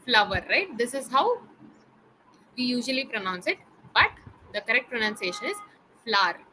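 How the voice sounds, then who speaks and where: A young woman teaches pronunciation in an online lesson, her voice bright and a little high. She spells words slowly, letter by letter, and keeps checking that her student follows. A faint hiss sits under the recording. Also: big pitch swings, low-quality recording. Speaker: English tutor.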